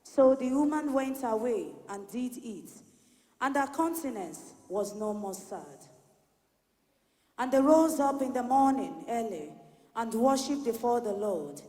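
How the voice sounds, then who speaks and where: A woman reads scripture aloud in a slow, measured way. Her fairly high voice echoes around a big reverberant hall. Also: warm tone. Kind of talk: scripture reading.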